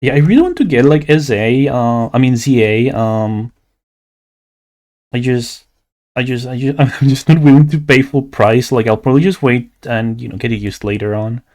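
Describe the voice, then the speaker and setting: A man's voice: medium pitch, moderate pace, a little mellow. A young man from Latin America with a Latin American Spanish accent, chatting casually and playfully on a livestream while he draws, rambling with lots of "like". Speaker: streamer and artist.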